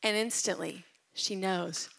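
A woman's voice: mid-range voice, steady tone, a little slow, creaky, a bit bright. A woman retelling Bible stories in a casual devotional talk. She tells them with animation and drops to a whisper at tender moments. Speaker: Bible teacher.

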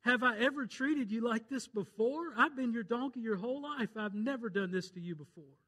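A plaintive talking donkey, a she-ass asking why her master mistreats her, as a preacher acts her out. The voice sits high and reproachful, told as part of a sermon story. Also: normal speed, bright, forceful tone, long reverb tail, full character voice. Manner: pleading storyteller's voice, pitched up.

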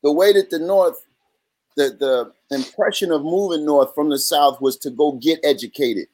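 A man's voice: fairly high pitch, moderate pace, dry recording. A man from Brooklyn with a New York accent, chatting casually and animatedly in slang as a podcast co-host. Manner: animated, slangy, slips into mimicry. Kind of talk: casual chat.

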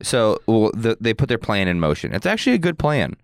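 A man co-hosting a casual podcast chat, recapping with animated storytelling. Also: on the low side, brisk, creaky, dry recording, studio quality. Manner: animated storytelling with acted quotes. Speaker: podcast co-host.

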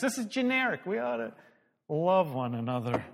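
A man's voice: high-pitched, big pitch swings, a little fast, bright, forceful tone. A male pastor preaching a sermon, telling a story animatedly, acting out the dialogue and laughing at himself. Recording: long hall reverb.

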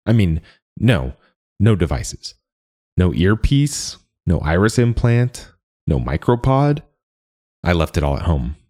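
A man voicing a nervous, halting first-time buyer. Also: low voice, very animated, a little mellow, exaggerated voice. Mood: flustered. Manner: hesitant, halting.

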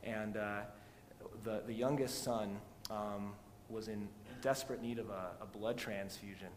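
Pastor preaching in an echoing hall. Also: male voice, fairly even intonation, unhurried. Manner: swings from loud emphatic preaching to quiet storytelling. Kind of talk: sermon. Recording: long hall reverb with faint rumble.

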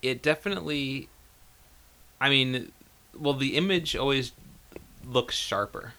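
Bright-toned hesitant man chatting films. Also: mid-range voice, a little slow. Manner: hesitant, many fillers and restarts, laughs often. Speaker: podcast co-host. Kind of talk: casual film discussion.

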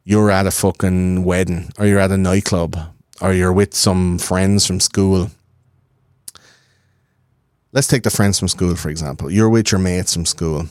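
A man in his thirties, a podcast guest, talking in a rambling, profane, animated way. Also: deep voice, measured pace, dry recording, studio quality. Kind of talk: casual conversation.

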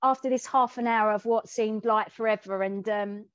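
A woman's voice: medium pitch, moderate pace, clean tone, no echo. Woman telling a candid personal story. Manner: animated storyteller, acting out quoted dialogue. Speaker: podcast co-host. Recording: dull, dry and muffled.

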